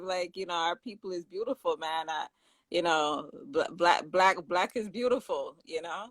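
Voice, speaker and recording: Host, lively and enthusiastic, mid pitch, dry recording. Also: moderate pace, dry recording. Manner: lively and enthusiastic, laughs often. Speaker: talk show host. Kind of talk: casual discussion.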